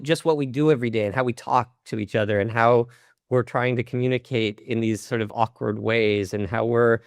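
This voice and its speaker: A man being interviewed over a video call, answering in a halting, searching way with many restarts. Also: medium pitch, creaky, dry recording, studio quality. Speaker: interview guest, filmmaker. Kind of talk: casual conversational interview. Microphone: video call microphone.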